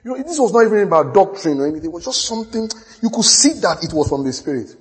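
A man preaching a sermon, telling stories with quoted dialogue and building to shouts. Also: high-pitched, very animated, fast talker. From Nigeria. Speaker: pastor. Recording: long hall reverb.

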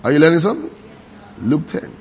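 A man preaching a sermon, reading scripture aloud slowly and quizzing his congregation with repeated questions. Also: on the high side, wildly swooping pitch, slight background noise.

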